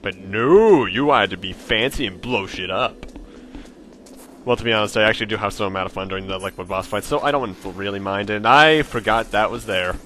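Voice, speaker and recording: A man's voice: fairly low pitch, a little fast, sharp tone, a little hiss or hum. A young man giving casual, rambling commentary over his video game playthrough, joking around and swearing now and then. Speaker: let's play gamer.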